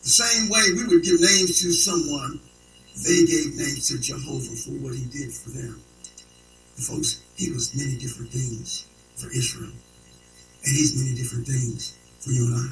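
A man's voice: mid-range voice, steady tone, normal speed, gravelly, far from the mic, faint music behind, rough recording. A man preaching a sermon in an emphatic call-and-response style, quizzing the congregation and spelling words out letter by letter.

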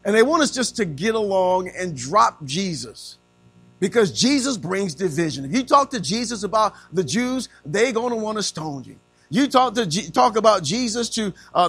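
A man's voice: high-pitched, fairly bright tone. A man preaching a sermon, quizzing his congregation in call-and-response style.

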